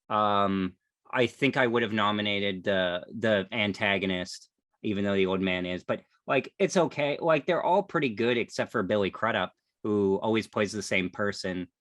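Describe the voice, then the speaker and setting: A man's voice: fairly low pitch, a bit bright, no room sound. Rambling man on a podcast, dry sound. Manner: rambling, hedging, full of "like" and "um". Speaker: podcast co-host. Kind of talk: casual podcast chat.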